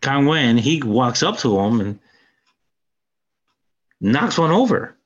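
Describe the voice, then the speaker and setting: A man co-hosting a casual podcast, excitedly recounting a film's plot and acting out the characters' lines. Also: mid-range voice, slow pace, lo-fi sound. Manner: animated retelling, acts out character lines. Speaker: podcast co-host. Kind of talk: casual film review chat.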